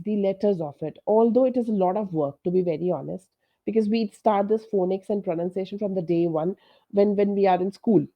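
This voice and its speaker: A woman's voice: medium pitch, lo-fi sound. A woman with an Indian English accent working as an English pronunciation trainer, explaining frankly in an online coaching session and using many fillers like "you know".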